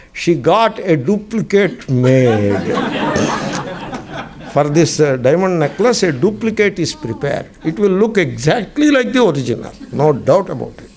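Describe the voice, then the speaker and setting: A man's voice: a little high, sing-song, moderate pace, darkish tone, slight background noise. A man with an Indian English accent teaching a scriptural class, telling anecdotes with frequent chuckles and repeating short phrases for emphasis. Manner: chuckles often while telling stories. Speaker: spiritual teacher.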